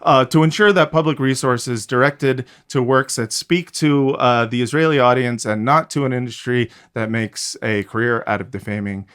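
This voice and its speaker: A man in the middle of the pitch range co-hosts a podcast. He talks in a loose, sarcastic way and rambles with plenty of fillers. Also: moderate pace, few pauses, a bit bright, smooth. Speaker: podcast co-host. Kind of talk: casual podcast chat.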